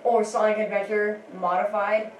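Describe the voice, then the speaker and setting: A woman's voice: mid-range voice, flat delivery, moderate pace. A woman giving rambling, giggly commentary while playing a video game. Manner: rambling and giggly, with many restarts. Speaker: gameplay commentator. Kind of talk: casual let's-play commentary. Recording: roomy, distant mic, faint background noise.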